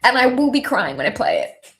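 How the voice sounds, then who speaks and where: A woman's voice: a little high, wildly swooping pitch, brisk, a bit bright. A young woman, a singer-songwriter on a livestream, talking candidly and tearfully with lots of swearing and ums. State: teary, voice wavering. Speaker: singer-songwriter streaming live. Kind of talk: emotional livestream chat.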